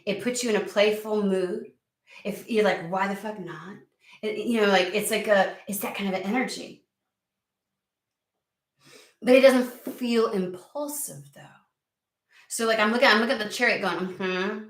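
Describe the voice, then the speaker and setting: A woman's voice: medium pitch, normal speed, pauses often, distant mic. A woman gives a casual tarot reading, her mid-range voice jumping between amused exasperation and sudden outbursts. She swears freely and talks back at the spirit she's reading for. She sounds a step away from the mic, in a room that echoes. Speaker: tarot reader.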